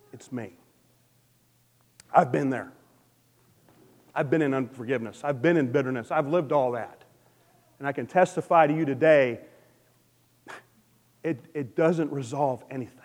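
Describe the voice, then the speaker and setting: A man preaching a sermon as pastor, earnest and personal, swinging between loud emphasis and a soft, gentle hush. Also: a little high, big-room sound.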